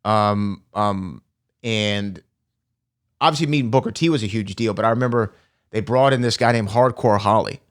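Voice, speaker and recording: A man's voice: on the low side, normal speed. A man co-hosting a movie podcast, telling stories in a rambling casual way with many restarts. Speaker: podcast co-host. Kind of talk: casual chat.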